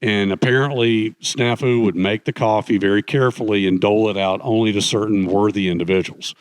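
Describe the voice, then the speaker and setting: A middle-aged man telling anecdotes in a relaxed conversational way, animatedly acting out the voices of people he quotes. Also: lowish voice, fairly quick, no echo. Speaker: guest speaker, author. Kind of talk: conversational storytelling.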